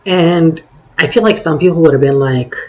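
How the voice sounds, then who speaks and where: A hoarse young man rambling through a personal story in a wry, self-deprecating way. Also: a little high, normal speed, dark tone. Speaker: vlogger.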